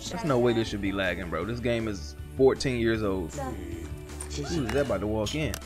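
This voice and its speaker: Animated slangy man, gaming commentary. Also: on the low side, moderate pace, music in the background. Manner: animated, slangy, profane reactions. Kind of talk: let's play commentary.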